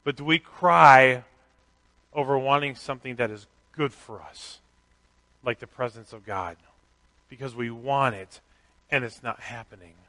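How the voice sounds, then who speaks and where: A middle-aged pastor giving a candid, conversational sermon with self-deprecating asides. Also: male voice, medium pitch, measured pace, long pauses, sharp tone.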